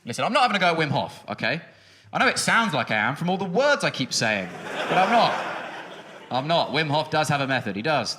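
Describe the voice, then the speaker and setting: Ranting young comedian on stage. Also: male voice, a little high, sharp tone. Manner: exasperated ranting, swears freely, sudden drops to muttered asides. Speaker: stand-up comedian. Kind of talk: stand-up comedy routine. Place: music hall stage with live audience. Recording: live show with audience noise.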